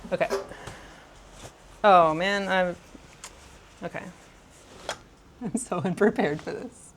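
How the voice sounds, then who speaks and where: A woman's voice: on the low side, drawn-out words, pauses often, a little hiss or hum. A young woman chatting casually in a home vlog, rambling and laughing often. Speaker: vlogger. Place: home room.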